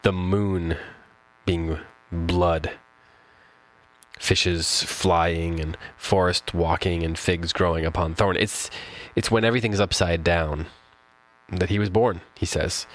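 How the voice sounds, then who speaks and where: A man's voice: low-pitched, fairly even intonation, takes it slowly, rough recording. A man hosting a poetry show, talking casually and thoughtfully about a poem, with fillers and restarts. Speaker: poetry podcast host. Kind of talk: casual talk about a poem with slow read-aloud.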